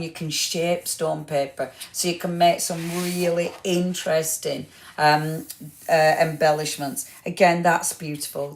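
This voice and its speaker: A woman's voice: on the low side, a little hiss or hum. A woman hosting a live craft product showcase, gushing over papers and chatting to viewers by name. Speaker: craft shop host.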